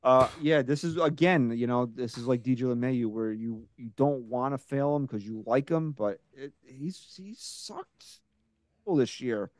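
A man hosting a sports podcast, ranting casually and profanely, getting loud and heated. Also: medium pitch, unhurried, no echo. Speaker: podcast host.

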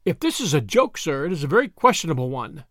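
A man's voice: fairly high pitch, very animated, fast talker, fairly bright tone, no room sound. Male reader doing a pompous vicar, indignant, raised voice, dry close sound.

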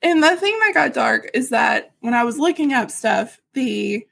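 A woman from Arkansas chats on a podcast, spinning stories with sarcastic asides. Her voice sits a little high, with a gravelly, husky edge. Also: expressive, a little slow, a bit bright. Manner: chatty storyteller, sarcastic asides, frequent laughs. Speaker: podcast co-host. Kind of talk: casual chat.

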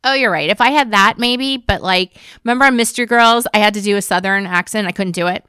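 A woman's voice: mid-range voice, quick pace, pushed and bright, smooth, no room sound, clean studio sound. A woman co-hosting a podcast, chatting casually and animatedly, often self-deprecating. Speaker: podcast co-host. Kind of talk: casual chat.

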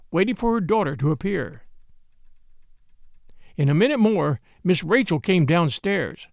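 A man narrating a classic novel as an audiobook, telling it in an expressive storytelling manner. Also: high-pitched, vocal fry, no room sound, studio quality.

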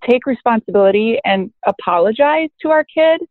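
A woman's voice: a little high, expressive, normal speed, dry recording. A woman in her thirties, a therapist guest in a casual interview, speaking candidly and animatedly, swearing now and then and acting out quotes from parents and teens. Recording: dry, phone-like narrow sound.

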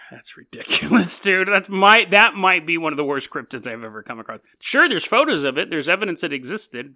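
A man hosting a casual storytelling podcast, joking and laughing often as he talks. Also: a little high. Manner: laughs often, jokey and animated. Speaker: podcast host.

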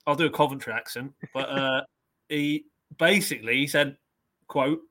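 A football reporter talks through a match on a podcast in a measured way, sometimes reading quotes from his notes. His voice is bright and forceful. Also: mid-range voice. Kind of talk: casual football podcast analysis.

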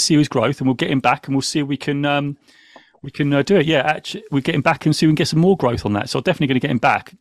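A man's voice: on the high side, no room sound, clean studio sound. A man hosting a casual live podcast, giddy and rambling, talking over his co-hosts after some wine. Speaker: podcast host.

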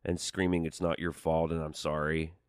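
A man's voice: rumbling low, flat delivery, moderate pace, smooth, no echo, clean studio sound. A man hosting a podcast, teasing his guest playfully and reading listener emails, with a slight lisp. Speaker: podcast host. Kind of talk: casual podcast chat.

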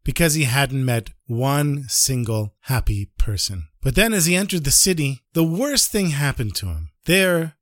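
A man telling a traditional story in a lively, expressive way. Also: mid-range voice, dry recording, studio quality. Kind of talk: oral storytelling.

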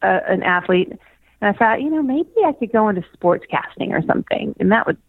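A woman's voice: mid-range voice, expressive, brisk, no room sound. An older woman, a former pageant winner, tells stories in a casual interview, chatting easily, laughing often and restarting her phrases. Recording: tinny phone line.

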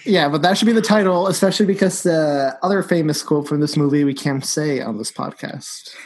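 A man's voice: on the high side, a little fast, low-quality recording. A man co-hosting a casual podcast, easygoing and wry as he talks about a film. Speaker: podcast co-host. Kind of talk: casual movie chat.

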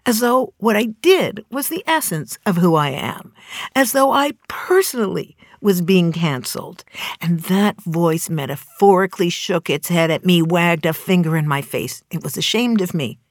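A woman in her forties speaks in a somewhat low voice, with an earnest, measured delivery. The recording is close and dry, with no room around it. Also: expressive, no echo. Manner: earnest, measured, dramatic emphasis. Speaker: inspirational speaker. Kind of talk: reflective spoken essay.

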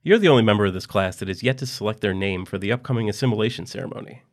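A man's voice: lowish voice, very fast, close to an everyday voice. A man voicing Mister Clark, a stern teacher who grows exasperated with a student. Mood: firm. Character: stern adult male teacher, patient then exasperated.

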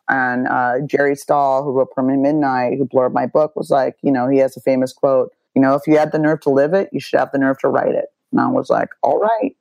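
A middle-aged American woman talks openly about her own life, blunt and self-mocking, with a gravelly, fried edge to her voice. The sound is close and dry, with no room around it. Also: very deep voice, level tone, fairly quick, darkish tone, dry recording, low-quality recording. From United States. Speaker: memoir author and guest. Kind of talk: candid interview talk.

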